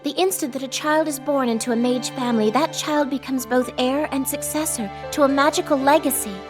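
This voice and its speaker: A woman voicing a proud, sharp-tongued girl mage. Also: high voice, fairly even intonation, lightly acted. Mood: lecturing. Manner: lecturing, quick to flare up. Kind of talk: anime English dub. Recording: studio dub with music behind.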